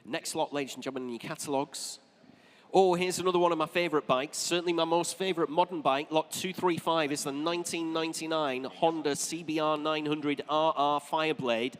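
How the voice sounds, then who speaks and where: Brisk English auctioneer calling bids in a hall. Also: male voice, fairly high pitch, steady tone. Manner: rapid bid calling, repeating figures. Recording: long reverb of a large hall.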